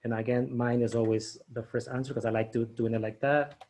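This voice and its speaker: A man of ordinary, mid-range pitch runs a teacher training session, thinking aloud as he builds quiz questions. He checks in with his listeners constantly, asking "okay?" and "right?" as he goes. Keys tap now and then in the background. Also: level tone, brisk, a little mellow. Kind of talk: screen-share training demo.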